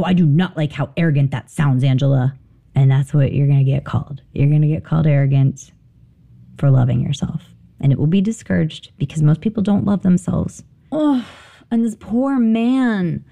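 A woman hosting a spiritual podcast, talking candidly with swearing and animated storytelling. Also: low voice, creaky. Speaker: podcast host. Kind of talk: casual spiritual talk.

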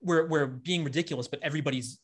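A man interviewing filmmakers, asking relaxed conversational questions. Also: on the high side, fast talker, breathy edge. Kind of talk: casual interview chat.

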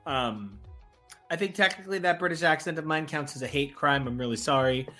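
Bright-voiced excitable male podcast host. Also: on the high side, fast, soft background music. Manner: excitable, many fillers, joking. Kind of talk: casual podcast chat. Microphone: remote call.

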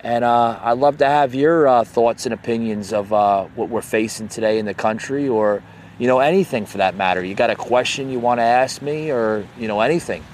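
A man's voice: mid-range voice, a little fast, a little mellow, slight background noise. A man hosting an unscripted opinion podcast, talking in a heated, repetitive way, full of "you know.". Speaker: podcast host.

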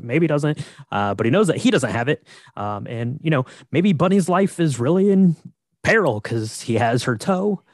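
A man's voice: fairly high pitch, dry recording, clean studio sound. A man casually recapping a film with lots of fillers as a podcast co-host. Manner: relaxed, many fillers.

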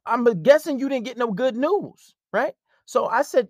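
A man's voice: very high-pitched, expressive, moderate pace, a little mellow, no echo, clean studio sound. A man hosting a podcast, giving blunt, casual relationship advice and acting out bits of quoted dialogue. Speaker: podcast host.

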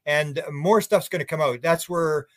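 Speaking unhurriedly in a voice on the high side, this older man is a guest author on a radio program. The recording is dry, and he wanders through bluntly opinionated replies full of restarts.

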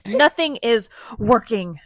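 A woman's voice: medium pitch, expressive, slow pace, no room sound, studio quality. A woman voicing a young boy inventor in a storybook read-aloud, earnest and determined.

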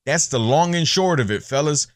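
This podcast host's voice is a little high and moves at normal speed, captured dry in a clean studio. He rants in a casual, blunt, profane monologue, animated as he tells his stories.

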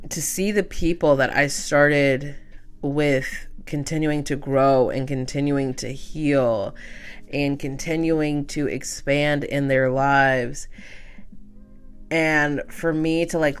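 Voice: medium pitch, slow, clean tone, faint music behind. A podcast host and tarot reader giving an emotional, casual sign-off, tearful, chatty and freely profane.

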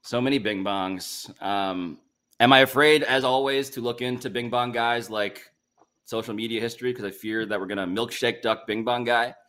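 A man's voice: mid-range voice, moderate pace, a bit bright. A man hosting a casual sports podcast, rambling and self-deprecating. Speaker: podcast host.

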